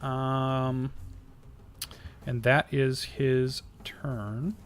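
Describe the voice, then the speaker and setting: A man narrating as game master of a tabletop game, slow and halting, with many fillers. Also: medium pitch, flat delivery.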